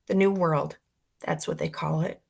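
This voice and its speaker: A woman's voice: low voice, steady tone, normal speed, gravelly, a little mellow, husky. A woman reading a children's story aloud expressively, narrating as a boy. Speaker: reader for schoolchildren.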